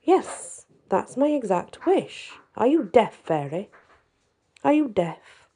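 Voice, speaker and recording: A woman's voice: low-pitched, measured pace, warm tone, breathy edge, heavily acted. A woman voicing a spoiled, cruel little boy who talks in a whiny, petulant way. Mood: demanding.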